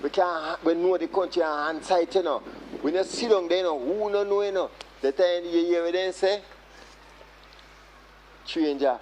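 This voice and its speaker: A man's voice: high voice, moderate pace, long pauses, a little mellow, slight background noise. A man with a Jamaican accent, a Kumina practitioner, talking about folk songs and breaking into chanted singing. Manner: chanting call-and-response songs. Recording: dull lo-fi audio.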